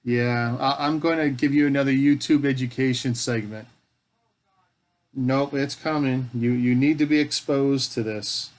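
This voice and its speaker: A man's voice: medium pitch, fairly even intonation, unhurried. Middle-aged guy hosting a live build stream, casual and wisecracking, muttering to himself at his work. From Canada. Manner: joking, talks to himself as he works. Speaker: live-stream host building a toy kit. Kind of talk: casual chat while building.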